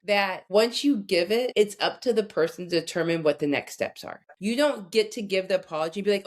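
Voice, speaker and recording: A woman's voice: medium pitch, fairly quick, hardly any pauses. A woman in her forties talking as a podcast guest, telling candid personal stories in an earnest, direct way. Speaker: guest expert on conflict. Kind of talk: casual podcast conversation.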